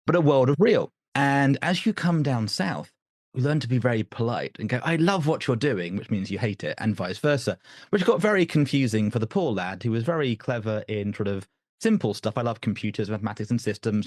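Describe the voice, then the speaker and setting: A man's voice: mid-range voice, animated, fairly quick, dry recording, studio quality. A middle-aged British man from northern England, a guest chatting playfully and mocking himself in an interview. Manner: chatty, self-mocking, playful asides with put-on voices. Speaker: guest, author. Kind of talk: casual interview chat.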